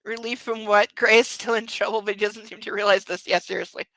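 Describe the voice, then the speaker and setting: A woman's voice: mid-range voice, fairly even intonation, a little fast, a bit bright, dry recording, low-quality recording. A woman hosting a book club show at home, reading a novel aloud and breaking in with sarcastic, giggly comments and baby talk.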